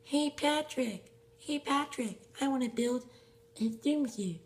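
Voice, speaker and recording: A man putting on a high, eager voice for a cartoon sea sponge. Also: unhurried. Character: squeaky excited cartoon sponge, adult male.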